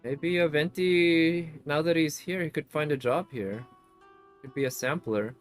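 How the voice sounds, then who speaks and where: A man's voice: a little high, measured pace, faint music behind. A man giving casual gameplay commentary as a streamer, chatty and thinking aloud, often laughing. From United States.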